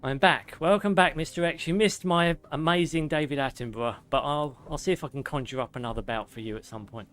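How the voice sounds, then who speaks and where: A young man streaming a game, reading lore slowly and drawn-out, with joking banter in between. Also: on the high side, fairly bright tone. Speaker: gaming streamer.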